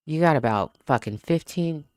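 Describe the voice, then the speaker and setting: Speaking at a normal speed in a mid-range, darkish-toned voice, an author talks animatedly with a livestream audience from home. The window is open, a small desktop mic picks up the loose, profane chat and frequent laughs, and the audio has no echo and studio quality.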